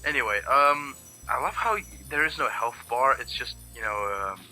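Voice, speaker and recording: A man's voice: medium pitch, moderate pace, sharp tone, faint music behind, rough recording. A man co-hosting a let's play, chatting casually in rambling sentences full of restarts and swearing. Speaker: let's play co-host watching. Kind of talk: casual gaming chat.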